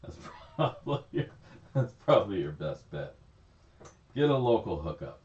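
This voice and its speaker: A man's voice: on the low side, sing-song, normal speed, darkish tone. A man chatting casually on a livestream, rambling, laughing often and swearing freely. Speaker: livestream host. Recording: echoey, slightly dull stream audio.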